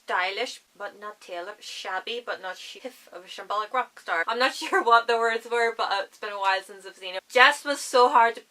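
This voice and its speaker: A woman with a Northern Irish accent talks casually to her camera, chatty and full of asides. Her voice is bright and lively, pitched in an ordinary middle range. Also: moderate pace, few pauses, rough recording. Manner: chatty, enthusiastic, rambling with asides. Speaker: book vlogger.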